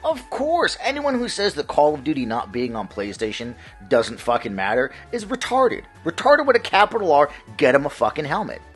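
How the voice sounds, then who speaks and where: A man's voice: fairly high pitch, wildly swooping pitch, a little fast, hardly any pauses, soft background music. A man hosting a gaming vlog, ranting in a profane, heated and mocking way. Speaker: gaming channel host.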